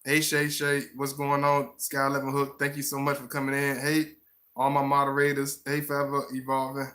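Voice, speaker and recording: A man's voice: mid-range voice, monotone, moderate pace, sharp tone. A man hosting a casual live stream who rambles, restarts his words often, and greets viewers in the chat by name.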